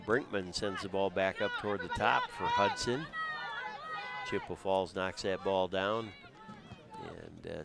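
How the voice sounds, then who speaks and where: A man doing steady, conversational play-by-play for a high school soccer game outdoors. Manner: steady, conversational, with frequent uh fillers. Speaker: play-by-play commentator. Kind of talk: live sports commentary. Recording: crowd noise in the background. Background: crowd noise.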